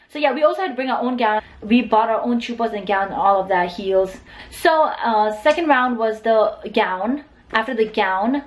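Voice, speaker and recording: Young woman from the States, emotional storyteller, bright fairly high voice, lots of fillers. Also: rough recording. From United States. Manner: chatty, emotional, many fillers like "like" and "oh my God". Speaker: vlogger. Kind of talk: casual storytime vlog.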